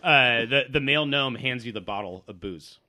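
A man's voice: mid-range voice, normal speed. Easygoing male game master narrating. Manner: relaxed narration with fillers, voicing characters.

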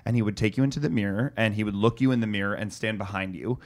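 A man's voice: fairly low pitch, fast talker. A man guest in a casual podcast chat, recounting a story earnestly and restarting his sentences often.

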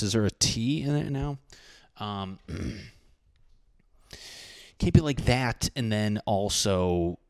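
A man's voice: fairly low pitch, a little mellow, dry recording, studio quality. A young man hosting a podcast, rambling and swearing casually as he talks to listeners. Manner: rambling, profane, self-interrupting. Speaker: podcast host.

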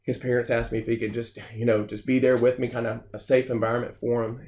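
A man's voice: medium pitch, little pitch movement, fast talker, darkish tone. A man, a podcast guest, earnestly telling his personal story and acting out what people said to him. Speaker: gym founder, podcast guest.

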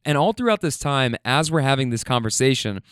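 A man from Louisville with no regional accent, telling a story in an animated, profane, self-mocking way, trailing into fillers. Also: medium pitch, brisk, clear, resonant tone, no room sound, studio quality. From Louisville, Kentucky. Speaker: storyteller host. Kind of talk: casual comedic storytelling.

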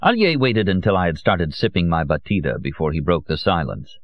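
Deep-voiced male audiobook narrator. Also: very animated, brisk, few pauses, no room sound, muffled recording.

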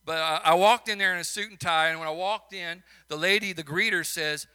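Male minister with a Chicago accent, high-pitched and very bright, storytelling sermon with emphatic peaks and folksy asides. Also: a little fast, hardly any pauses, clean tone.

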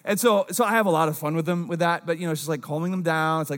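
A man, a young-adult pastor, preaching a casual sermon, dropping low and quiet for asides and rising loud for emphasis. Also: steady tone, rapid-fire, hardly any pauses.

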